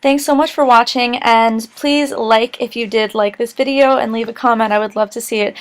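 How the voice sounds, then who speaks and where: A woman's voice: fairly high pitch, fairly even intonation, moderate pace, smooth. A young woman chatting casually to camera in a beauty vlog, candid and a little tired, with plenty of fillers. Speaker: beauty vlogger.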